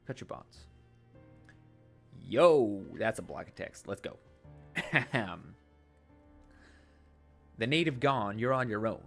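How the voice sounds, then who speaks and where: With soft music in the background, a man of fairly low pitch reads a text adventure game at a measured pace and with lively intonation. His dramatic narration comes in a put-on accent, punctuated by relaxed comments to viewers.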